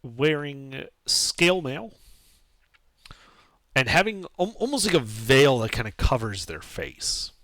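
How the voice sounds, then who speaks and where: A man narrates a tabletop game as game master, casual and animated. His voice is bright and swings widely in pitch. The sound is dry and close. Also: slow pace, no room sound.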